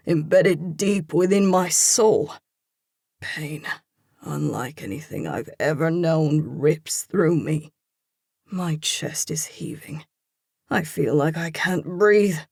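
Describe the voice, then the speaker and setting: Romance audiobook narrator: gravelly, unhurried, intense and hushed. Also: mid-range voice, dry recording, studio quality. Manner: slow, intense, hushed delivery.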